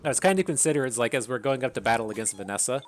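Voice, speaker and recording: A man's voice: medium pitch, expressive, racing, slight background noise. A man giving casual commentary while playing a video game, rambling, repeating words and swearing now and then. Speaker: gaming streamer.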